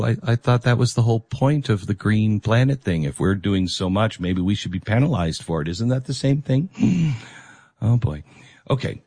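A man hosting a radio talk show, talking casually with lots of fillers, restarts and sarcastic asides. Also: mid-range voice. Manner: rambling, chatty, sarcastic asides. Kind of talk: conversational radio monologue and host-read ad.

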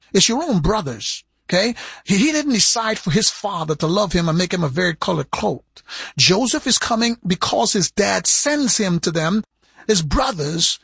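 A man preaching a sermon, with big swings in pitch and emphasis as he makes his points. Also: vocal fry, a bit bright, breathy edge, no room sound.

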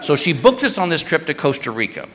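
A middle-aged man doing a stand-up routine, telling a family story with animated voices. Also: fast talker. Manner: animated storytelling, putting on a shrill wife voice. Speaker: stand-up comedian. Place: comedy stage before a live audience. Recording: stage mic in a large reverberant hall.

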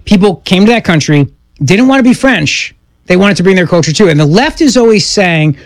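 A man's voice: high voice, animated, fairly quick, no echo. A man hosting a political talk radio show, enthusiastic and emphatic, breaking in often.

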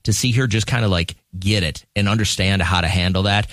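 Relaxed middle-aged radio host. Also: male voice, sits low, fairly quick, dry recording, clean studio sound. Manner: relaxed, rambling with fillers. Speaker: radio morning show host. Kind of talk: casual on-air chat.

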